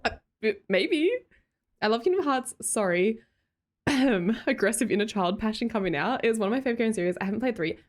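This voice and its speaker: A woman's voice: medium pitch, animated, fast talker. An Australian woman hosting a livestream, chatting casually and reading out viewer comments in a bubbly way, laughing often. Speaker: livestream host.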